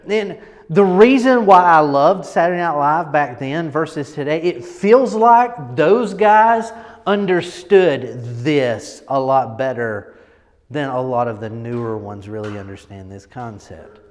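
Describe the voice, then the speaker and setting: With a long reverb tail trailing his mid-range voice, a man gives a group casual coaching on presentation. He stresses his points emphatically, repeats words, and keeps asking "right?"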